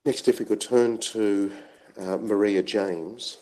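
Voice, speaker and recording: A man's voice: lowish voice, fairly even intonation, takes it slowly, dark tone, low-quality recording. An Australian man questioning expert witnesses at an inquest, brief and procedural. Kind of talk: formal courtroom questioning.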